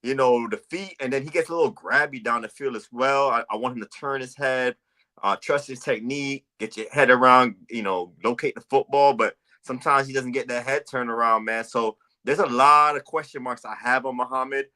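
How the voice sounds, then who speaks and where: A man's voice: medium pitch, a little fast, sharp tone. A man co-hosting a football podcast, talking casually and animatedly, with frequent stammered restarts. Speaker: podcast co-host. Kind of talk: casual football scouting talk.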